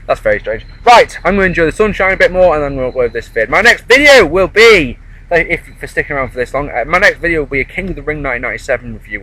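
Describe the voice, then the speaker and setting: A man's voice: medium pitch, sharp tone, low-quality recording. A man chatting casually outdoors in a park, rambling through a wrestling show review. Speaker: wrestling vlogger.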